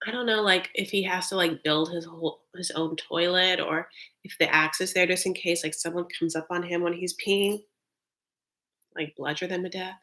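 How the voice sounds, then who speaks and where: A woman in her thirties reacts live to a reality show in a casual recap, sarcastic and talkative, leaning heavily on "like." Her voice is on the low side, steady and bright with a forceful tone, and she speaks at a normal speed.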